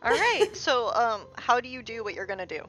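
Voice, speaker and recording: A woman running a tabletop game as game master on a live stream, laid-back and quick to laugh. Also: a little high, big pitch swings, a bit bright, faint music behind.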